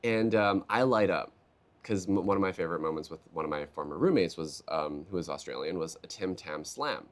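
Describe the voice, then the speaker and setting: A man's voice: low voice, fairly quick. A man, a keynote speaker, talking in a conversational interview, telling stories and acting out quotes in a raised voice. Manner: animated storyteller, acts out quotes in a raised voice. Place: live event booth.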